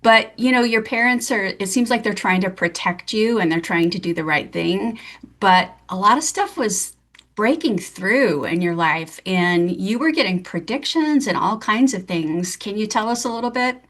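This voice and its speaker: A woman's voice: mid-range voice, expressive, moderate pace, a bit bright. A woman hosting a podcast interview, asking curious, probing questions in a friendly, conversational manner. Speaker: podcast host.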